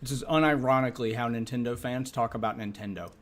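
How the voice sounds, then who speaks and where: A man's voice: medium pitch, quick pace, very noisy. A man hosting a livestream, reacting to a video with wry, joking asides. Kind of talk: casual reaction chat.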